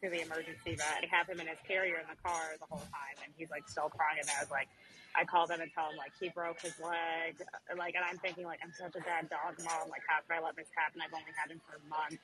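A woman in casual podcast chat, an animated storyteller who acts out the voices of the people she quotes. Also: low-pitched, quick pace, noisy background.

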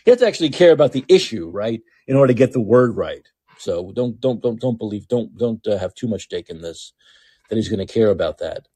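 A male podcast host delivers opinionated political commentary in a sarcastic, mocking, repetitive way. His lowish voice is expressive, mellow and husky, fairly quick, with no room sound.

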